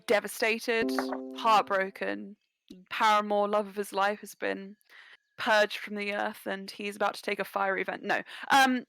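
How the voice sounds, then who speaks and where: A woman's voice: medium pitch, a bit bright, dry recording. Woman game master, dry close sound. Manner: playful, laughs often. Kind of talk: narrating a tabletop game.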